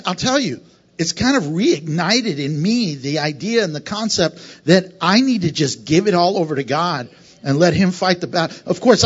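A pastor preaches to his congregation in a church, his husky, fairly high voice carrying an animated, conversational sermon. He keeps breaking into snappy bits of imagined dialogue. The recording sounds dull and lo-fi. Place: church sanctuary.

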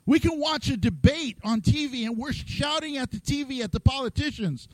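A man's voice: extremely high pitch, moderate pace, no echo, low-quality recording. A man preaching a sermon in a playful way, acting out voices and laughing often. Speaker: pastor.

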